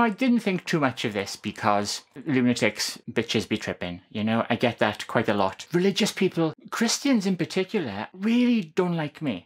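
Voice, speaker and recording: A woman's voice: low voice, husky. Sarcastic woman vlogger. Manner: sarcastic, joking asides. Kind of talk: casual talk to camera.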